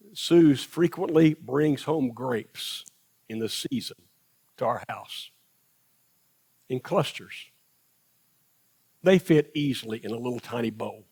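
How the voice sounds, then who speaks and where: An American man preaches a sermon in a church sanctuary, repeating phrases for emphasis, posing rhetorical questions to the congregation and acting out quotes. His voice is medium-pitched, creaky and darkish, and the audio is slightly rough.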